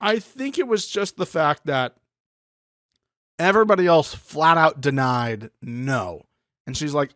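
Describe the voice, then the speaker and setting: Male podcast co-host, jokey recap chat, bouncy pitch, dry close mic. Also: expressive, measured pace, a bit bright, dry recording. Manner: jokey, acts out quotes in mock voices. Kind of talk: casual reality TV recap chat.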